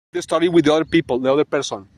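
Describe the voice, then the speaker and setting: A man giving a rambling, agitated vlog monologue, swearing and laughing bitterly as he rants. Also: a little high. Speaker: vlogger.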